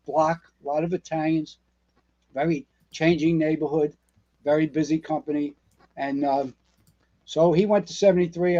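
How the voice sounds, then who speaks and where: Brief: a retired fire captain in his sixties, Bronx-born, New York accent, higher-pitched voice, swears freely while telling old stories. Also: dull audio. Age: 60s. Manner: salty, profane, animated storyteller. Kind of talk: storytelling interview.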